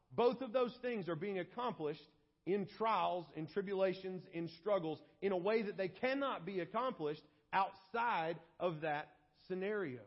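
Pastor guy preaching, kinda high husky voice, dull lo-fi audio. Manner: explains verses slowly, acts out scenes in voices. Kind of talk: sermon.

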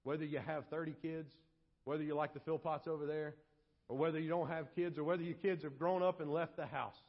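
A male pastor preaching a sermon, animated and acting out quoted voices. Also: fairly high pitch, brisk, in a large hall. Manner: animated, acts out quoted voices and shouts for effect. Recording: dull lo-fi sermon audio.

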